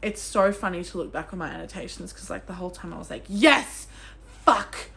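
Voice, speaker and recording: A young Australian woman talking casually about books as a vlogger, gushing and excitable, with sudden squeals and swearing. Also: on the low side, fast, gravelly, slight background noise. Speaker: book vlogger. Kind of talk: casual chat.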